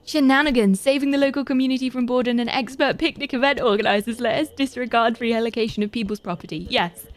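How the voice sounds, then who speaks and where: A British woman streamer chatting casually as she plays, reading out chat and getting excitable. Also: fairly high pitch, quick pace. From Britain. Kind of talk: casual gaming commentary.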